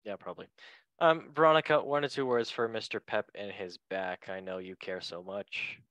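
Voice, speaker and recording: A man's voice: fairly low pitch, fairly even intonation, moderate pace, fairly bright tone, dry recording. A man hosting a casual football podcast, joking and asking each guest for a word in turn. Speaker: podcast host. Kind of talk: casual chat.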